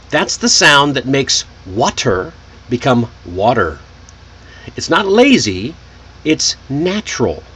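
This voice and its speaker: A man's voice: mid-range voice, husky. A man from Texas, teaching an online English pronunciation lesson. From Texas, United States. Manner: slow, lively, animated delivery.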